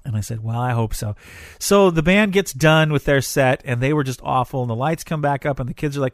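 A man telling a personal story in a casual, animated way, getting emotional as he goes. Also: medium pitch, fast talker, no room sound, clean studio sound. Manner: animated, emotional, grows excited. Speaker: storyteller recounting a concert.

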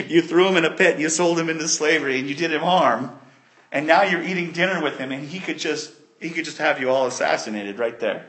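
Guy preaching a sermon, lively storyteller, goes loud then real quiet, slightly high voice. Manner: animated storytelling, swings from loud to soft.

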